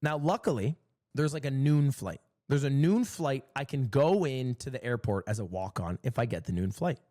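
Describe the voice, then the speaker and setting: A young man streamer telling a long, exasperated story in a casual, swearing, animated way. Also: mid-range voice, moderate pace.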